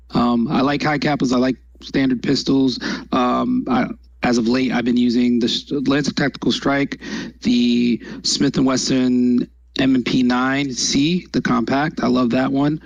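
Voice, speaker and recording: Male guest, gravelly, easygoing and rambling, muffled lo-fi sound. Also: mid-range voice, no echo. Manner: laid-back, rambling, hesitant fillers. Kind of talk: casual livestream chat.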